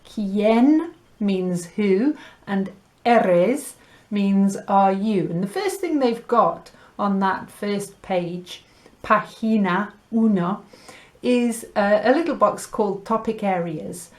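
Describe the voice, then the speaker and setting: Slow, clear woman teaching Spanish. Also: medium pitch, lively intonation, darkish tone. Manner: slow, clear pronunciation drills with light laughs; mixes Spanish words into English. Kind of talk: recorded language lesson.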